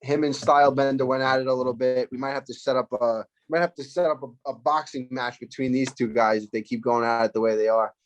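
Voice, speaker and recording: A man's voice: medium pitch, flat delivery, brisk, few pauses, highs cut off. Rambling man. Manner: rambling, loose, full of fillers and restarts. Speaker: fighter, interview guest. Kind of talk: casual interview over video call. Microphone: phone with earphones.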